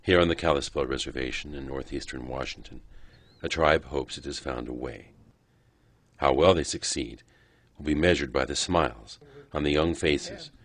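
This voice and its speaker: A man narrating a documentary in a solemn, steady scripted style. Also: a bass voice, normal speed.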